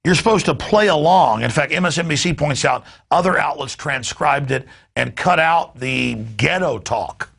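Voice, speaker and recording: A man's voice: fairly high pitch, lively intonation, moderate pace, vocal fry, hardly any pauses, fairly bright tone, husky. A man hosting a talk show, delivering an emphatic and indignant political rant. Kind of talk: ranting political commentary.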